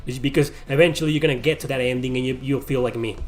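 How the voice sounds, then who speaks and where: A man's voice: mid-range voice, steady tone, quick pace, hardly any pauses, soft background music. A man hosting his own channel, ranting heatedly and profanely to camera, often repeating himself. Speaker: YouTube host.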